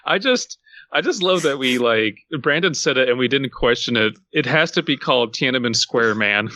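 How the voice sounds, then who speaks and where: Bright animated podcast man. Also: mid-range voice, moderate pace, slight background noise. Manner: wry, laughing anecdotes. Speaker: podcast co-host. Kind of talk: casual comedy podcast banter.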